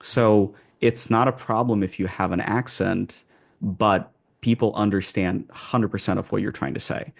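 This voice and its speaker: Guy coaching on accents, gravelly low voice, calm and slow to the point, lots of restarts. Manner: calm, measured, many pauses and restarts. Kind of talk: interview answers.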